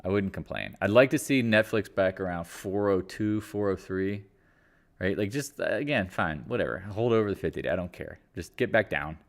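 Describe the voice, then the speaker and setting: Hosting a live market stream, a man with a low, gravelly voice keeps an animated, moderate pace, wandering between jokes and offhand remarks with an odd curse thrown in.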